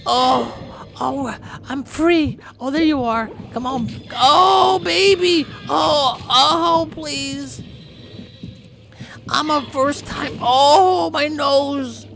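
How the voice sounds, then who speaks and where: A woman's voice: high-pitched, fairly even intonation, very slow, vocal fry, a little hiss or hum, heavily acted. A woman voicing a doting, protective new mother dolphin over gameplay, gushing and melodramatic. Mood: frantic.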